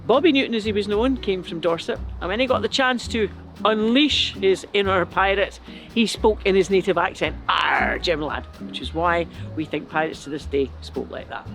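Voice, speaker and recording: Playful high-voiced male storyteller. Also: normal speed, a bit bright. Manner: playful, chatty asides to the listener. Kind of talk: comic history narration. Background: music.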